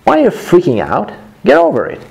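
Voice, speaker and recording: A defensive man brushing off a tactless joke, read aloud by a male teacher. The lines come at a raised pitch in a textbook-reading style. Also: wildly swooping pitch, brisk, gravelly, a little mellow, breathy edge, exaggerated voice.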